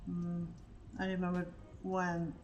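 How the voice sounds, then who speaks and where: A woman's voice: fairly low pitch, slow pace, muffled recording, soft background music. A woman co-hosting a live stream, telling stories in casual chat and swearing freely. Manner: animated storytelling, swears freely. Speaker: streamer co-host.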